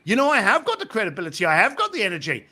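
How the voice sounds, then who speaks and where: A man being interviewed about his book, telling anecdotes in an animated way and acting out the voices of the people in them. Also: sits high, very fast. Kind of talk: animated storytelling in conversation.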